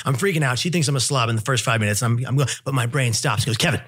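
A man, a podcast guest, telling a comic story in an animated way and slipping into other characters' voices. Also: mid-range voice, rapid-fire, breathy edge.

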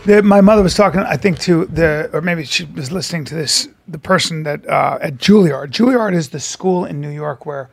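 Man, podcast co-host, excitable, high voice, gravelly fry. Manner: excitable, quick to react and swear. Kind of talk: casual chat.

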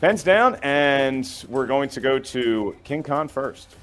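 A man's voice: mid-range voice, fairly even intonation, slow, soft background music. A man hosting a trivia game show, reading questions and counting down with playful, teasing banter.

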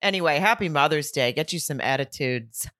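Low-voiced woman chatting with giggles. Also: fairly quick, dry recording, clean studio sound. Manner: giggly, animated storytelling with mock singing. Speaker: podcast co-host. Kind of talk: casual chat.

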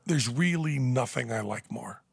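A man telling a story in casual podcast chat, animated and breaking into high laughter. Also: unhurried, gravelly, breathy edge, dry recording, clean studio sound. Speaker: podcast host. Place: Las Vegas.

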